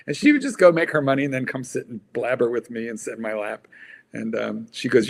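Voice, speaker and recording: A man's voice: medium pitch, fast, gravelly. A man hosting a livestream, a playful, teasing storyteller in casual chat. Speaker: host.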